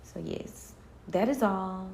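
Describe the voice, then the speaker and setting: A woman's voice: mid-range voice, slow pace, vocal fry, darkish tone. A woman with a Southern US accent hosting a podcast solo, talking in a laid-back, chatty way and laughing often. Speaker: podcast host. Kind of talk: casual solo podcast chat. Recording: roomy echo, faint room noise.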